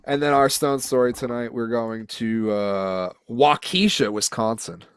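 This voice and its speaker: A man's voice: mid-range voice, unhurried, clear, resonant tone, dry recording, studio quality. A young man co-hosting a sports talk show, reading odd news stories aloud and riffing on them with jokes and swearing. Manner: profane, joking storyteller reading headlines aloud. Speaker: podcast co-host. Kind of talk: casual chat.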